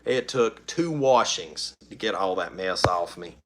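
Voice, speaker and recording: A man's voice: deep voice, expressive, measured pace, fairly bright tone, a little hiss or hum. A middle-aged man, chatting casually on his channel in a rambling, folksy way with frequent laughs. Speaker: channel host. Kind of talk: casual live-stream chat.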